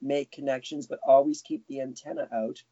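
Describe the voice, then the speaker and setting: A man's voice: mid-range voice, steady tone, fairly quick, dark tone, dry recording. A man being interviewed, chatting casually with lots of restarts. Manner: rambling, self-correcting, chuckling. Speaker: guest animator. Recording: dull lo-fi sound.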